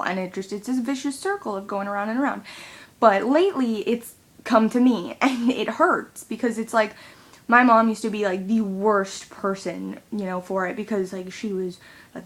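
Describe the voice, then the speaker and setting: A young woman rambles through a casual venting vlog. She swears freely and leans on fillers, with a mid-range voice. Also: medium pitch. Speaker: vlogger.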